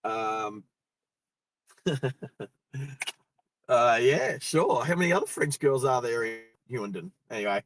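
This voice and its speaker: A man's voice: mid-range voice, big pitch swings, brisk, few pauses, slight background noise. A middle-aged Australian man hosting a live driving vlog, telling stories in a loose, chatty way and laughing easily. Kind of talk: casual storytelling while driving. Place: in a car on the road.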